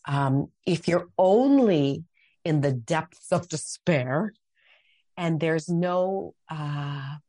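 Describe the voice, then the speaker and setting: A woman's voice: low voice, lively intonation, drawn-out words, warm tone, dry recording. A middle-aged woman talking as a podcast guest, earnest and heartfelt, often restarting her sentences. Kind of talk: conversational interview.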